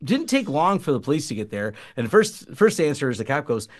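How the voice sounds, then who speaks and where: Guy telling a wild story on a podcast, pitch jumps all over, keeps laughing. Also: a little fast. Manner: animated, laughs while telling stories. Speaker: podcast co-host. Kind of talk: casual storytelling.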